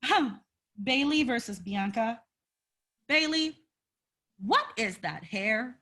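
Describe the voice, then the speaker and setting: A woman co-hosting a casual wrestling podcast, sassy and animated, swearing freely. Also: a little high, slow pace. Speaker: podcast co-host.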